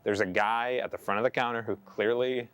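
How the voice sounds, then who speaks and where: A man's voice: mid-range voice, steady tone, a little fast, a bit bright, clean tone. A man speaking wryly and dryly in an interview. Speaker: interviewee, tape collector. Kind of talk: wry interview talk.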